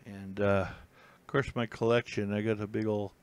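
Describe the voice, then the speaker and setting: A man's voice: on the low side, level tone, moderate pace, clean tone, low-quality recording. A man hosting a casual live stream, rambling and thinking aloud with many fillers and restarts while he browses listings. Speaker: YouTube host.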